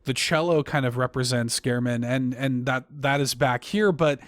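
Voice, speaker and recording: A man co-hosting a podcast, talking in a halting, emotional way, with many restarts and fillers. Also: mid-range voice, no echo. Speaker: podcast co-host. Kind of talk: casual podcast discussion.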